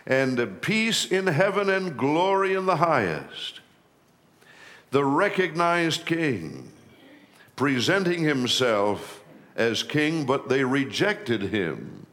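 A middle-aged man preaching a sermon as pastor, rising in pitch and volume to stress key phrases and slowing down for weight. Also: sing-song, fairly bright tone.

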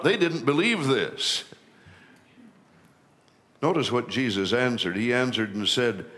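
A middle-aged man preaching a sermon as pastor, rising in pitch and volume to stress key phrases and slowing down for weight. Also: expressive, fairly bright tone.

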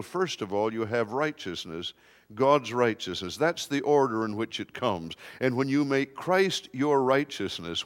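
Man preaching a sermon in church, slow and emphatic, little jokes here and there. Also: medium pitch, big-room sound.

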